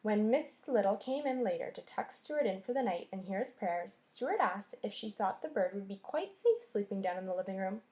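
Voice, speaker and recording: A woman teacher reading a chapter book aloud to her class, telling the story expressively and pausing to point at the pictures. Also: medium pitch, very animated, darkish tone.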